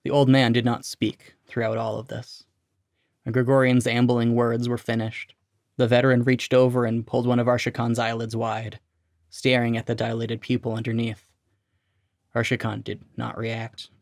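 A man reading his own short story aloud in a measured, steady narration. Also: mid-range voice, no room sound, studio quality. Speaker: reader.

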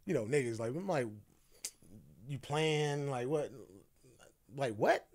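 A man's voice: medium pitch, expressive, slow pace, darkish tone. A man who is a podcast guest, casually telling a story, acting out the quoted dialogue and laughing often.

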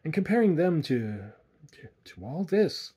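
A man's voice: lively intonation, darkish tone, breathy edge. A man putting on a nervous younger city man. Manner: higher, tense and quick.

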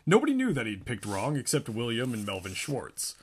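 A man reading a book aloud in an animated way, often laughing between lines. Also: medium pitch, fairly quick. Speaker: reader.

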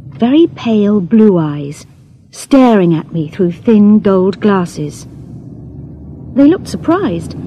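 A woman narrates a story slowly and deliberately, each phrase clear for language learners. Her voice is mellow and her pitch moves in a lively way. Quiet music plays in the background. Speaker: audiobook narrator.

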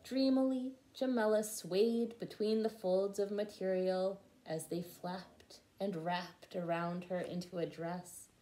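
Slow, patient woman reading a children's story. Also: medium pitch, fairly even intonation, dark tone. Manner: patient, explains words to young listeners. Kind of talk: children's read-aloud with word lessons.

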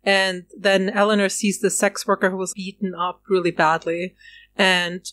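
A woman's voice: medium pitch, little pitch movement, normal speed, fairly bright tone. A woman co-hosting a podcast in casual discussion, explaining points and citing sources, with easy laughter between them. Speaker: podcast co-host.

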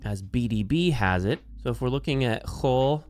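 A man teaching Bible translation, walking through Hebrew grammar term by term in a deliberate, explanatory way. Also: mid-range voice, a little mellow. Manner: slow, deliberate, spells out each term.

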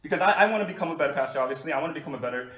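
Brief: male pastor from New York, high voice, laughing self-deprecating sermon, dull lo-fi recording. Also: animated, very fast, crowd noise. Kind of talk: conversational sermon. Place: church hall. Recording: echoey dull lo-fi hall recording.

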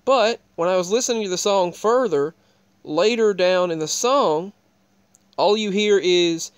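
A man with a fairly high, smooth and clear voice chats casually to his viewers. He rambles and restarts his sentences as he points them to things on the screen. The sound is close and dry, with no room echo. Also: moderate pace. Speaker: video creator. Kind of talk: casual talk to camera.

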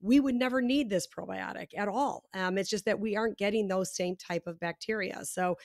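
A woman from the United States speaks as a podcast guest, explaining her product with animated conviction and plenty of fillers. Her voice sits in a mid range, and the sound is dry, with no room echo. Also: medium pitch, brisk, vocal fry. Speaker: podcast guest, probiotic company founder. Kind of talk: casual interview chat.

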